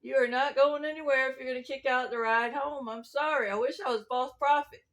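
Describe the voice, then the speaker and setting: A woman's voice: high voice, fairly even intonation, fairly quick, a bit bright. A woman giving a meandering religious testimony, preachy and chuckling between thoughts. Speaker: self-styled prophet.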